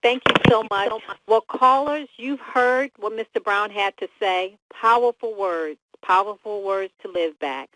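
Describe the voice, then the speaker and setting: A woman hosting a call-in program, speaking in a measured, encouraging way as she wraps up. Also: mid-range voice, fairly bright tone, no echo, rough recording.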